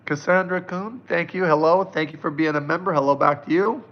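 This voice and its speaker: This psychic, a man in his fifties, talks briskly in a slightly high voice, though the recording is muffled. Taking questions from his live-stream audience, he sounds casual and reassuring, rambling chattily with frequent fillers.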